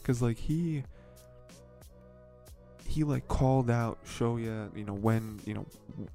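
Young male podcast host, casual rambling commentary, gravelly, very dark tone, faint music behind. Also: medium pitch, takes it slowly. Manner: rambling, filler-heavy, exasperated.

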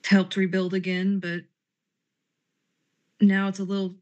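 A woman's voice: medium pitch, completely flat delivery, a little slow, a little mellow, dull audio. A woman playing a tabletop role-play game, speaking in character with petulant, sarcastic banter and describing her character's actions.

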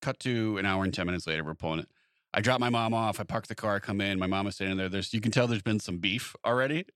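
Man, casual storyteller, talks fast, dry close mic. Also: lowish voice, clean tone, no echo. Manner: animated anecdote-telling, acts out quoted exchanges. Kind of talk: casual chat.

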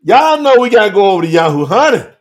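A man preaching on a live stream, animated, calling out to viewers by name and reading scripture slowly for emphasis. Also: high voice. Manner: Southern-style 'y'all' address, drawn-out emphatic reading. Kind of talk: livestream sermon reading scripture.

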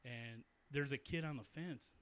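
A man's voice: mid-range voice, a little slow, fairly bright tone. A man in his forties telling long, rambling stories in casual chat, swearing freely and restarting his sentences often. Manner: rambling storyteller, profane, many restarts.

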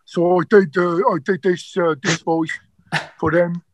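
A man's voice: high-pitched, flat delivery, measured pace, dry recording, poor audio. A man, an actor, telling stories as a guest in a casual interview, rambling with many fillers and restarts.

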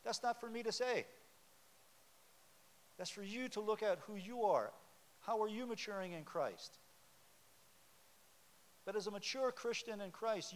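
A man preaching a sermon in a church sanctuary, talking conversationally and quizzing the congregation with questions. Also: high-pitched. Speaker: pastor. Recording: long hall reverb with faint hiss.

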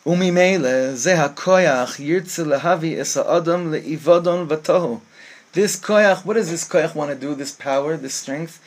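Husky, impassioned man teaching Torah. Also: on the high side, unhurried. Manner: impassioned, mixes Hebrew phrases, acts out angel voices. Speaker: rabbi teaching. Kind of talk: Torah class sermon.

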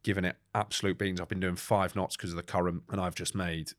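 A young man telling an animated story as an interview guest, swearing and laughing now and then. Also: sits low, fast, no echo, clean studio sound. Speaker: guest, record-setting ocean rower.

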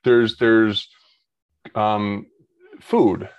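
A man's voice: fairly low pitch, little pitch movement, extremely slow, clean tone, no room sound, lo-fi sound. A man, talking in a casual podcast chat, rambling with many restarts. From Ohio, United States. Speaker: guest.

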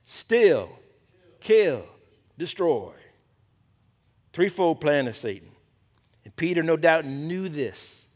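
A pastor preaching to a men's Bible study, animated and throwing questions to the group. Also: male voice, on the high side, slow pace, pauses often, big-room sound.

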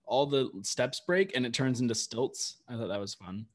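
A man's voice: mid-range voice, lively intonation, normal speed. Loose, chatty podcast man. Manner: loose, filler-heavy recapping. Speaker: podcast co-host. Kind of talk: casual chat.

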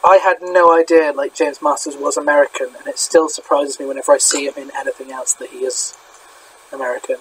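A man's voice: fairly high pitch, little pitch movement, fairly quick, fairly bright tone, a little hiss or hum, rough recording. A British man co-hosting a podcast, chatting casually and rambling in a self-deprecating way. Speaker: podcast co-host. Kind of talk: casual chat.

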